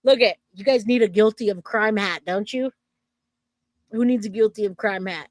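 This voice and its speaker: A woman's voice: mid-range voice, moderate pace, darkish tone, dry recording. A woman hosting a true crime livestream, chatting loosely with her viewers and reading comments aloud. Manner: loose and chatty, self-interrupting, laughs easily.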